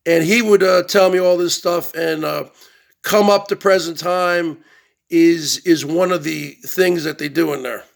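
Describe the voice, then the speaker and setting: A man's voice: fairly high pitch, steady tone, measured pace, creaky. A middle-aged man hosting his own show, ranting in a boastful livestream monologue and often asking "okay?". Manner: boastful, repeats "okay?" and "I came up with that". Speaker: show host.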